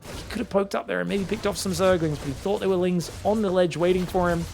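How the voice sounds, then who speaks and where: A man commentating a strategy game solo, quick excitable play-by-play with casual asides to his viewers. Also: high-pitched, gravelly, a little hiss or hum. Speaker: esports caster.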